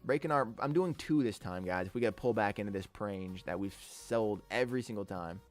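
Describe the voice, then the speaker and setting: A young man live-streaming his day trading, excitable and swearing often as he talks to his chat. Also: fairly low pitch, fairly quick. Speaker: livestreaming day trader. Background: faint music.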